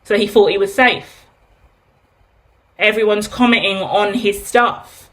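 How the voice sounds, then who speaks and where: A woman's voice: medium pitch, a little slow, pauses often, fairly bright tone. A woman in her thirties giving a candid, chatty tarot reading, asking herself rhetorical questions and swearing freely. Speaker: tarot reader. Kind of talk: casual tarot reading monologue.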